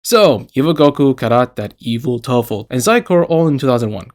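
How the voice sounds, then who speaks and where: A man's voice: mid-range voice, animated, a little fast, darkish tone. A man hosting a scripted video essay, reading it out with casual asides.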